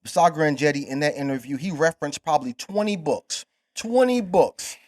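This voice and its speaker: A man from the United States hosts a podcast and argues hard, pressing his points with profane, emphatic bursts. His voice sits high for a man. He drives each line home with swelling force. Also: quick pace. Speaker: podcast host. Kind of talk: heated podcast debate.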